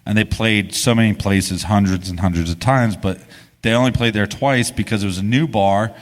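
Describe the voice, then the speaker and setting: A man co-hosts a live podcast before an audience. His low voice rambles casually, full of restarts and swearing. The hall adds a long reverb tail. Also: moderate pace. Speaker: podcast co-host. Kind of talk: live podcast storytelling on stage.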